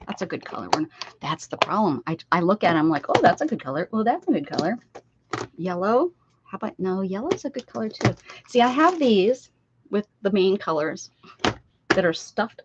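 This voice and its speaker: An older woman with a medium-pitched, darkish voice hosts a casual craft livestream from her desk at home, chatting loosely and reading viewers' messages aloud as she works. The stream audio is slightly dull and lo-fi, with a little hiss or hum.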